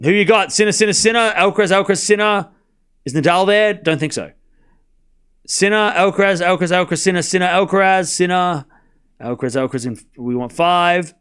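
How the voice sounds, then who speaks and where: A livestreaming tennis commentator with a high-pitched, fairly bright, clear and resonant voice narrates casual play-by-play late at night. He chats with viewers, banters and calls scores quickly.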